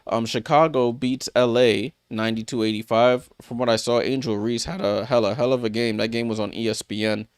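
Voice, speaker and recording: A man running a live sports watchalong recaps scores in a loose, filler-heavy way with many restarts, greeting viewers by name. He speaks briskly with few pauses, at medium pitch with fairly even intonation, in a smooth voice captured as clean studio sound without room noise.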